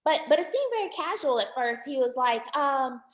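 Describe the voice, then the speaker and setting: A woman who works as a marriage counselor gives an animated online workshop talk, repeating words for emphasis and addressing her listeners as family. Her voice is high-pitched and moves at a normal speed, with a reverberant sound.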